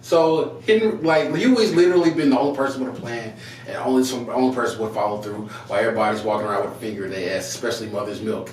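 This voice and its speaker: A man co-hosting a casual review chat, mocking and animated as he retells scenes. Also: medium pitch, quick pace, a little hiss or hum. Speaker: podcast co-host. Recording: echoey room, distant mic, chatter behind.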